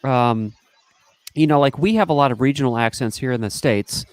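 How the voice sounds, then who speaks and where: A man's voice: medium pitch, normal speed, no room sound. A man from Northern California hosting a casual live-stream chat, rambling and losing his train of thought. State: has had a beer. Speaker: host.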